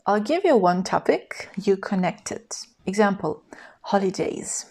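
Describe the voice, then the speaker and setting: With a medium-pitched voice and an unhurried delivery, a woman leads a scripted English lesson. She stays clear and even, demonstrating example phrases for the learner to follow.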